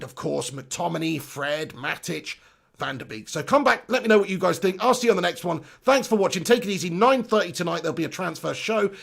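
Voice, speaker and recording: A high-voiced man with a gravelly edge, hosting a fan live stream. He is chatty and upbeat and often breaks into laughter as he reads out viewer comments. His talk is loose and friendly. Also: a bit bright. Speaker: football channel host.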